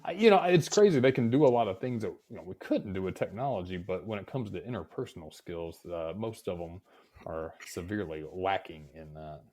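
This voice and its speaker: A man's voice: sits low, expressive, brisk, darkish tone. A man in his thirties co-hosting a podcast, chatting in an agreeable, reflective way. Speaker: podcast co-host. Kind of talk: casual chat.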